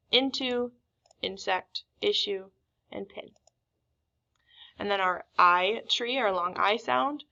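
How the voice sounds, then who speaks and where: A woman teaching a recorded phonics lesson, reading words slowly and deliberately. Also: mid-range voice, creaky, sharp tone, highs cut off. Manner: slow, deliberate word-by-word reading.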